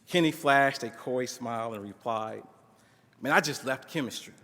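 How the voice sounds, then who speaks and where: A man reads a story aloud to a conference audience, his voice sitting at an ordinary middle pitch. He acts out the dialogue with changing voices. A long hall reverb trails after his words. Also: animated, moderate pace, fairly bright tone. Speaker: conference speaker reading a case story. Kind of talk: dramatic reading of a narrative.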